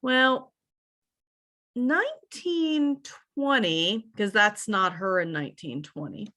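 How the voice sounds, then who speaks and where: A woman's voice: medium pitch, expressive, slow pace, bright, forceful tone. A woman from Virginia's Shenandoah Valley giving a casual genealogy lesson, chatty and hesitant, spelling out names letter by letter. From central Shenandoah Valley, Virginia. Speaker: genealogy instructor.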